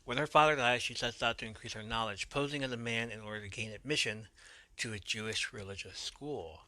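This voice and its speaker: A podcast host recaps an episode in a loose, casual way, swearing occasionally and fixing his own slips. His mid-range voice is brisk with a sharp tone, and the recording is dry.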